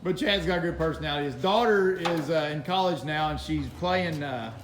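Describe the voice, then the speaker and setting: A man's voice: a little high, brisk, noisy background. A man talking casually in a vlog about his mill work, rambling and folksy, chuckling often. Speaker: logger and mill worker vlogger.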